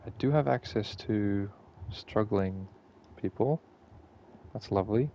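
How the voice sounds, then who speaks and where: A man's voice: fairly low pitch, slow, mellow, slight background noise. A man giving casual gameplay commentary, laid-back and swearing freely while he mutters to himself. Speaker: gaming channel host.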